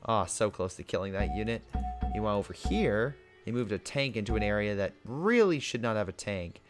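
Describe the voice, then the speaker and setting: A young man with a fairly low voice talks through his strategy game in a relaxed, casual way, thinking aloud as he orders units around. Game music plays clearly behind him. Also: brisk. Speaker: gaming video host. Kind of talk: casual gameplay commentary.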